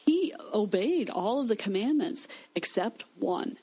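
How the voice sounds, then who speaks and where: A woman's voice: medium pitch, lively intonation, measured pace, warm tone, breathy edge, low-quality recording. Emphatic woman teaching scripture. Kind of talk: Christian discussion.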